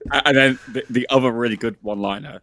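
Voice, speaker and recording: A man co-hosting a podcast, telling a story in casual, sweary chat and getting loud as he retells it. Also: medium pitch, fast talker, no room sound, soft background music. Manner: sweary, animated, often shouts when retelling. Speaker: podcast co-host.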